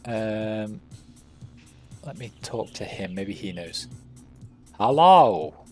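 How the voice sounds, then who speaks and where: A man's voice: fairly low pitch, steady tone, slow, faint music behind. A man streaming a game, with puzzled, dry asides while reading dialogue aloud. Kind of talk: casual gaming commentary, reading dialogue aloud.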